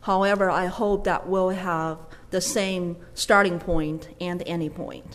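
A woman interpreting a sermon live, quick phrases with fillers and self-corrections. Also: on the low side, fairly even intonation, long reverb tail.

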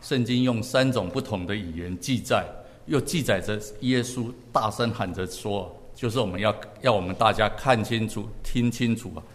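A man preaching a sermon in short, measured phrases, pausing so his words can be interpreted. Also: lowish voice, in a large hall. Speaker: pastor.

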